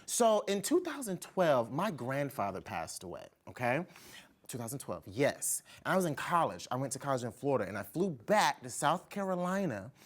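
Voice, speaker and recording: Animated woman talk host. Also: a bass voice, moderate pace. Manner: animated, excitable storyteller. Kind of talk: casual chat.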